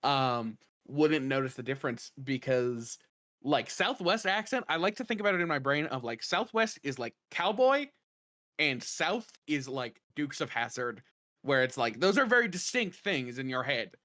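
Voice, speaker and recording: A man's voice: medium pitch, sing-song, moderate pace, pushed and bright, dry recording, clean studio sound. A man from the American South or Southwest co-hosting a podcast, rambling casually and laughing often. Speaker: podcast co-host.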